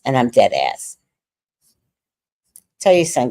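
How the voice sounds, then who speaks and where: A woman in her sixties chats loosely through a livestream, reading out viewer comments and reacting with quick laughs. Her lowish voice has a gravelly edge and swings widely up and down. She sounds worn out, and the sound is close and dry. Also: expressive, no room sound. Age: 60s. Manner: chatty, reacts to viewer comments with laughter and sudden sung bits. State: tired. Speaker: livestream host reading chat. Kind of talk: casual livestream chat.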